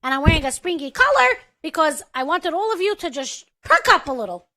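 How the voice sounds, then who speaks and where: A high, bright, squeaky-voiced American woman chatting away on a charity livestream. She is bubbly and talkative, with a voice that stands out, and she laughs easily. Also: sing-song, fairly quick. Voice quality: squeaky, distinctive voice. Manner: chatty and bubbly, laughs often, says "you know what I'm saying". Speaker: co-host of a charity auction livestream. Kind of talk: casual chat.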